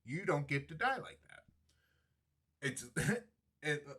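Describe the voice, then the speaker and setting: This is a man hosting his own daily show, delivering a sarcastic political rant full of swearing. His voice is bright and a little high, and it jumps up and down in pitch as he mocks and exaggerates. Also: big pitch swings, slow. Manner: sardonic, profane, mock voices. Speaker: podcast host. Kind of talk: sarcastic political commentary monologue.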